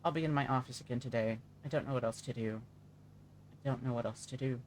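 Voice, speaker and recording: A heartbroken middle-aged mother pleads for news of her only child, as a man reads her texts aloud. Her voice stays anxious and imploring, sitting at an ordinary pitch for a man, with a faint hum behind it. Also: fast, darkish tone, natural voice. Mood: pleading. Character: grieving middle-aged mother texting her daughter's friend.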